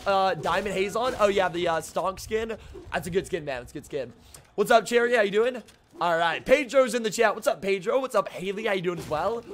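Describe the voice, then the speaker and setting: Upbeat young male game streamer, high pitch, chatty with viewers, faint background hiss. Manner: upbeat, greets chat by name, excitable outbursts. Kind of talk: casual live-stream chat while playing.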